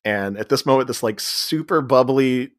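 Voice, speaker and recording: A man co-hosting a podcast, casually recapping a comedy film's plot and mimicking characters' lines. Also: mid-range voice. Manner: recounts plot, acting out lines in quick voices. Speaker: podcast co-host. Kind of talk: casual movie recap chat.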